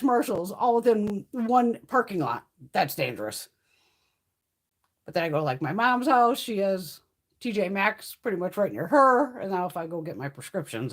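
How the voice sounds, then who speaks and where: A middle-aged woman with a lowish voice hosts a beauty livestream, chatting casually and bluntly. She swears freely and answers viewers by name.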